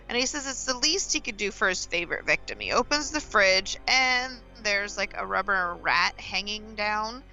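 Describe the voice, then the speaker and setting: Lively, bright-voiced woman podcast guest. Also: medium pitch, moderate pace, few pauses, soft background music, low-quality recording. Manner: wry, jokey asides and playful quoted voices. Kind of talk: casual recap chat.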